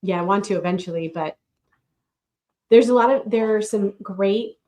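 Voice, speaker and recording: A woman co-hosting a casual chat podcast, easygoing and talkative. Her voice sits at a middle pitch, and she takes her time. She sounds like she is settled in among friends. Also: darkish tone. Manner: chatty, unhurried, reads aloud from her own book. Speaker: podcast co-host.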